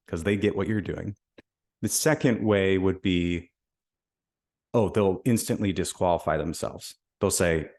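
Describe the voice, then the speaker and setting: A man with a deep, low-pitched voice talks through sales technique in a relaxed, conversational way. He often slips into the lines he would say on a call, acting out both sides. The delivery is casual podcast chat. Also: measured pace. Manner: conversational, acts out sales calls. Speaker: podcast host. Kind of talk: casual sales coaching talk.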